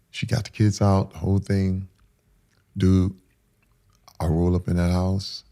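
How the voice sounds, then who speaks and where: A middle-aged man, a guest in an interview, telling an emotional personal story with intensity, dropping to hushed whispers and rising in sudden loud bursts. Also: low-pitched, level tone, a little slow, pauses often.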